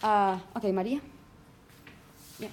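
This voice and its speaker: A woman's voice: medium pitch, fairly even intonation, measured pace, darkish tone, slight background noise. A woman teaching a pronunciation class, calling on students by name and correcting them encouragingly. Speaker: phonetics teacher.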